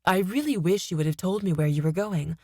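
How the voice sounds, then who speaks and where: Worried nagging mom in a storybook, woman doing the voice, slow and even. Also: on the low side, dry recording, studio quality. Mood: measured. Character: worried but scolding middle-aged mother.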